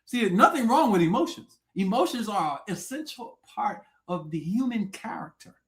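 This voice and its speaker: With lively intonation and a moderate pace, a high-voiced man rants on his livestream via a desk mic. He is loud, profane and taunting, bouncing between shouting and low muttering and daring viewers to step up and debate him.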